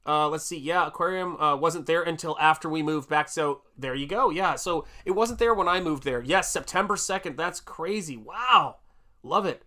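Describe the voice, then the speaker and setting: Painting on a livestream, a middle-aged American host chats casually and reads viewers' comments aloud, exclaiming often. His voice is on the high side, pushed and bright, at a moderate pace.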